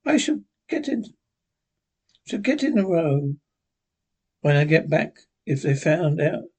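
A man's voice: a little high, big pitch swings, takes it slowly, a little mellow, husky, full character voice. A man reading a horror story aloud, voicing a proud, curious young girl with prim, polite manners.

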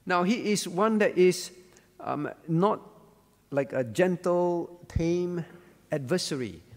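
A man's voice: high-pitched, expressive, slow pace, a little mellow, big-room sound. A male pastor leading an interactive Bible study, asking questions, calling on listeners by name and repeating key words.

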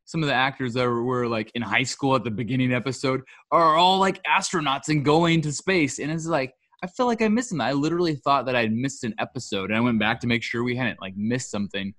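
A man co-hosts a casual podcast, musing through his opinions in a loose, rambling way. His voice sits at an ordinary pitch. The sound is dry, close and free of room echo. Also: a little fast, few pauses. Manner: relaxed, rambling opinions with fillers. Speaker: podcast co-host. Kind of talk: casual chat.

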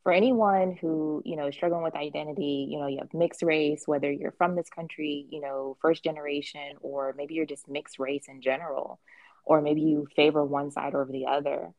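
A woman's voice: low-pitched, fairly even intonation, moderate pace, a little mellow, no echo, muffled recording. A woman hosting a podcast in casual chat, talking bluntly and emphatically, with plenty of swearing. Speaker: podcast host.

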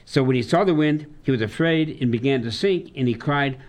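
Man pastor reading scripture slowly. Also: medium pitch. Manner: reads scripture aloud slowly in old-style wording. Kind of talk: conversational Bible discussion.

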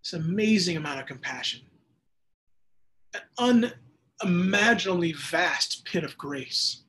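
A man teaching the Bible on a call-in show, moving between relaxed chat and fervent emphasis. His voice sits a touch high for a man. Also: unhurried. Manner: conversational, with bursts of emphatic preaching. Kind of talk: radio Bible teaching with listener texts.

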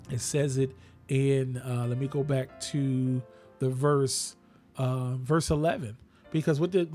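A man's voice: on the high side, darkish tone. A man preaching a radio sermon, talking straight to his listeners and rising to sudden exclamations.

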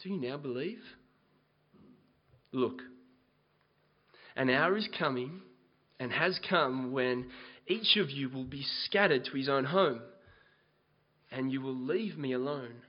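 A man preaching a sermon, moving from quiet scripture reading to loud, impassioned exhortation. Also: mid-range voice, takes it slowly, long pauses, muffled recording. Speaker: pastor.

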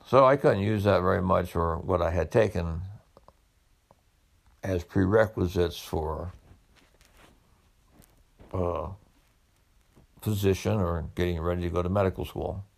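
Man, slow unhurried storytelling, gravelly fry, reflective, conversational. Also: deep voice. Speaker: former police officer turned medical student. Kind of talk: personal storytelling.

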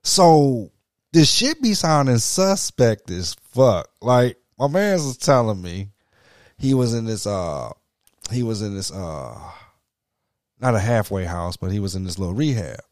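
A man's voice: fairly low pitch, sing-song, measured pace, a little mellow, no room sound, clean studio sound. A middle-aged man in casual, profane chat, telling stories animatedly and slipping into quoted voices.

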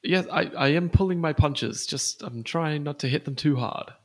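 Man playing a husky, gravelly male brawler, a touch raised in pitch, halting and defensive. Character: male fighter Hatchet, restrained brawler.

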